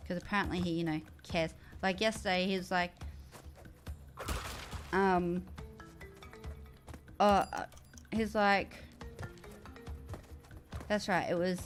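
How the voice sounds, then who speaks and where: A woman, chatting casually and swearing as she streams a game, with sudden loud outbursts at the game. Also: lowish voice, unhurried, long pauses, soft background music. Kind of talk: casual chat while gaming.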